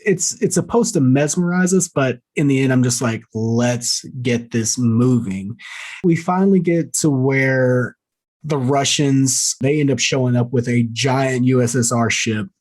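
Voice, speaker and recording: A man in casual conversation, recapping a movie plot with a mocking, loose delivery. He laughs often and drops crude jokes as he goes. His voice sits at an ordinary middle pitch. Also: moderate pace, darkish tone. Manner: laughing, mocking, profane asides. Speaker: podcast co-host. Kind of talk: casual movie-review chat.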